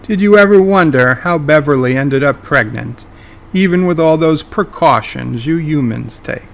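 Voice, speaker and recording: A man's voice: on the high side, moderate pace, creaky, a bit bright, slight background noise. A man voicing a smug, omnipotent male trickster who talks in teasing riddles.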